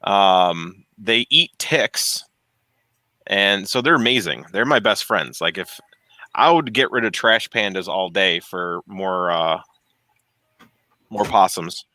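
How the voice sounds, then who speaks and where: A man with a lowish, bright and forceful voice, talking casually while he works. He rambles, laughs easily and loses his words mid-sentence. The sound is dry and close, with no room around it. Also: animated, slow, dry recording. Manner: rambling, laughs often, trails off searching for words. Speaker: streamer fixing printers. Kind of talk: casual chat. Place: home workshop.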